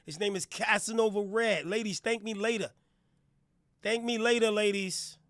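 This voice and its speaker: A middle-aged man from New Jersey hosting a live hip hop radio stream, firing off hype shout-outs in street slang. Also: high-pitched, fairly even intonation, moderate pace, dry recording, studio quality. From New Jersey, USA. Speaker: radio host reviewing music. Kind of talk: hype livestream radio talk.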